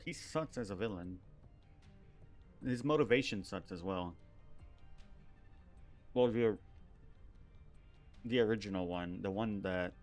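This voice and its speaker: A young male streamer reads a game's story aloud and breaks in with casual, joking remarks. His voice is low and deep, with faint music in the background. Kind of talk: reading a game story aloud with commentary.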